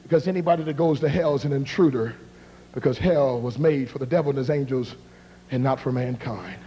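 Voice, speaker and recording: A man in his thirties preaching a revival sermon and leading an altar call, swinging from hushed whispers to shouted appeals. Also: mid-range voice, a little fast, breathy edge. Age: 30s. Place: large church with balcony. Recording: long reverb of a large hall.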